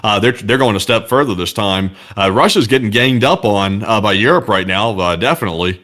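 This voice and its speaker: A man's voice: on the low side, a little fast, a bit bright. A man co-hosting a casual news talk show, slangy and joking. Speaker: co-host. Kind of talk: casual commentary chat.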